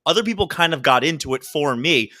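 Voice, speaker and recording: A man with a bright, fairly high voice chats casually as a podcast co-host. His delivery swings up and down as he tells joking stories, often breaking into laughs. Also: expressive, quick pace. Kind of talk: casual chat.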